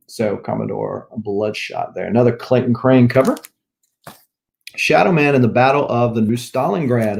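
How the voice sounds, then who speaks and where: A man's voice: mid-range voice, vocal fry, a little mellow. A man with a Southern US accent chatting casually as a comic book collector vlogger, rambling as he lists items one by one. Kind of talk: casual show-and-tell chat.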